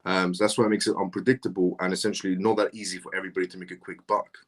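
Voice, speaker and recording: Male live-stream host, lower voice, casual chat, repeats greetings to each viewer. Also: little pitch movement, racing. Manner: repetitive greetings, conversational.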